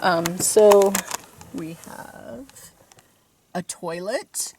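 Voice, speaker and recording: A woman's voice: fairly low pitch, extremely slow, darkish tone. A woman narrating a casual vlog about work at her cabin, talking in a chatty way with many fillers. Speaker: vlogger. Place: snowy cabin, indoors and out. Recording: noisy camera audio.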